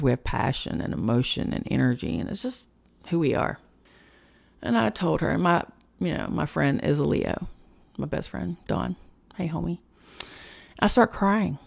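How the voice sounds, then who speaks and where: A woman's voice: deep voice, vocal fry. A woman hosting a spiritual podcast, talking in a frank, emotional personal monologue, swearing freely and chatting with lots of fillers.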